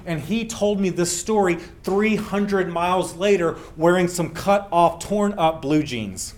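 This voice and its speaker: A man giving a welcome speech at a festival, telling a story in an earnest, emphatic way and slowing down for effect. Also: sits high. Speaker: welcome speaker.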